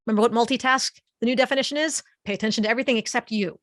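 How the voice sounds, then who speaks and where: A woman giving an online webinar presentation in a lively, conversational way, speaking close to a studio microphone. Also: fairly high pitch, racing, no echo.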